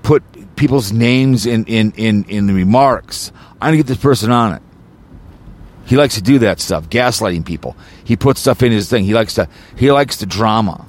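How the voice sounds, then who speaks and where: A man's voice: fairly low pitch, normal speed, few pauses. A man hosting his own podcast, delivering an agitated, rambling rant full of repeats and stumbling restarts. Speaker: podcast host.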